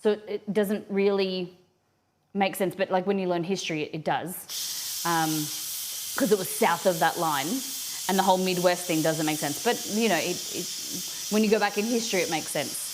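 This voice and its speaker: Woman host of a live cooking stream, lowish voice, loose rambling delivery, faint kitchen hiss behind. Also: moderate pace. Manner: rambling, thinking aloud with many restarts. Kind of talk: casual live cooking chat. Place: home kitchen.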